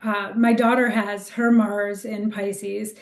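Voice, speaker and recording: A woman's voice: mid-range voice, little pitch movement, slow. A woman co-hosting a casual podcast as an astrologer, explaining in a reflective way and laughing easily. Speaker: astrologer co-host. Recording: echoey room sound.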